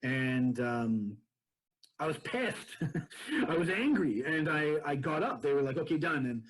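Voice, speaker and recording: A man giving a prerecorded talk, recounting his own experience in a halting, earnest way with many restarts. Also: a little high, low-quality recording. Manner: halting, full of restarts and fillers; earnest and animated when retelling fear. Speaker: presenter. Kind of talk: prerecorded first-person account.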